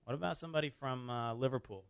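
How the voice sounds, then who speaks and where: A man's voice: medium pitch, fast talker, vocal fry, clear, resonant tone, dry recording. An American man hosting a radio talk show, chatting casually and teasing his guest. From United States.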